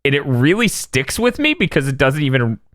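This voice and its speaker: Laughing, animated podcast man. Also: mid-range voice, moderate pace, dry recording, studio quality. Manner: animated storyteller who acts out lines with laughter. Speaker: podcast co-host. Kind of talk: casual chat recapping a film.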